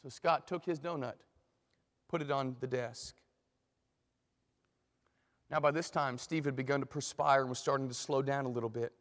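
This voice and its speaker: A man telling a dramatic illustration story in a sermon, in an animated way. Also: medium pitch, moderate pace, pauses often. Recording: long hall reverb.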